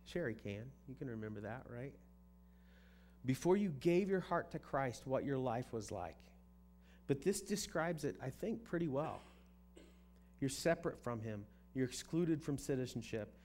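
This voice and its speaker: A man's voice: medium pitch, expressive, normal speed, a little mellow, a little hiss or hum. A man preaching a sermon in a conversational way, often repeating words as he restarts a thought. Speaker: pastor.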